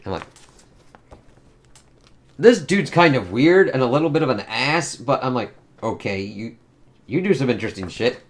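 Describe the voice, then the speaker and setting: A man's voice: medium pitch, very animated, moderate pace, long pauses. A man casually reviewing a comic book, rambling and swearing, often restarting words. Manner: rambling, profane, with frequent restarts.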